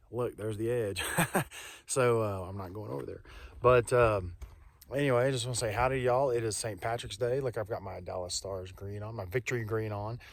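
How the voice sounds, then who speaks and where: A man's voice: on the low side, no echo. A middle-aged man, talking in a friendly, rambling, folksy way in a casual vlog while outdoors on a canyon hiking trail. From Texas. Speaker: vlogger.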